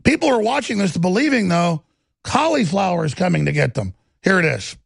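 Brief: high, gravelly middle-aged male commentator, scornful. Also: lively intonation, brisk, dry recording, studio quality. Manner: scornful, rambling, mocking. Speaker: host. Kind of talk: combative political commentary.

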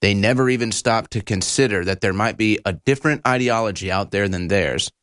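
A man's voice: lowish voice, brisk, fairly bright tone, no room sound, studio quality. A man hosting a political commentary show, ranting in a combative, insulting and heated way.

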